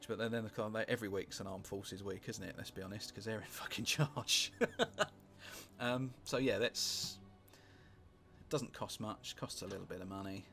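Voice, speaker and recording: Gravelly British man musing over a game. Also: on the low side, fairly even intonation, moderate pace, fairly bright tone. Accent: British English. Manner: rambling, wry, sweary asides, musing aloud. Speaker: gameplay commentator. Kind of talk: casual let's-play commentary. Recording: music playing underneath.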